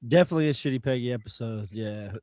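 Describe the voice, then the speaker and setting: A man's voice: mid-range voice, fast, a little mellow, dry recording, studio quality. A man co-hosting a podcast who shares trivia in a loose, offhand way, full of fillers. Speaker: podcast co-host. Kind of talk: casual chat.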